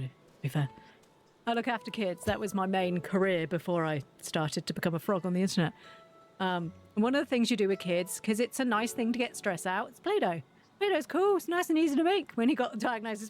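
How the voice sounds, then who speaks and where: A woman, a streamer telling a laughing, sweary story while playing a game. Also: fairly high pitch. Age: 40s. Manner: laughing, swearing anecdote teller.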